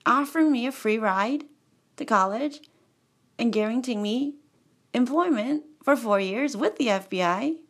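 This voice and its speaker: A talkative woman tells a personal story for her vlog, her voice sitting at an ordinary middle pitch. She rambles, stops herself mid-sentence and wanders off on tangents. She laughs often as she goes. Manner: digressive, self-interrupting, laughs often; animated and chatty. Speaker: vlogger.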